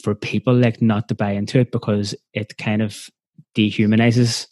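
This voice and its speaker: A man's voice: lowish voice, little pitch movement, normal speed, a little mellow, no echo. A man with a Belfast accent, talking thoughtfully and a bit hesitantly in a casual chat. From West Belfast. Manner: thoughtful, hesitant, uses 'kind of' often.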